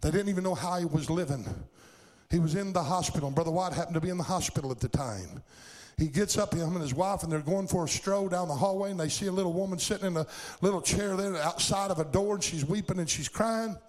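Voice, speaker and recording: A man's voice: high voice, fast talker, darkish tone. A middle-aged man preaching a sermon, telling stories and building to fervent exhortation.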